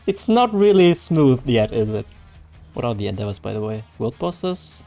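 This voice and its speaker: Sing-song and moderately paced, his mid-range voice is warm with some vocal fry, and faint music can be heard behind it. The man, a native German speaker with a German accent, chats casually with his viewers while streaming a game, answering them aloud and frequently restarting.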